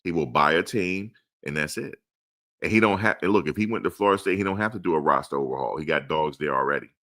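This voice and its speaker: A man's voice: very deep voice, fast talker, fairly bright tone. A man hosting a live sports stream, answering chat with emphatic, repeated rhetorical questions. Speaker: livestream host.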